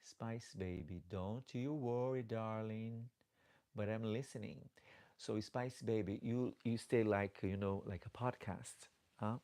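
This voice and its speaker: A man with a low, gravelly voice hosts a drag live stream at an unhurried pace. He reads viewer comments aloud and chats back affectionately, calling his audience darlings. His speech is halting, full of repeated and restarted words. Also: mellow.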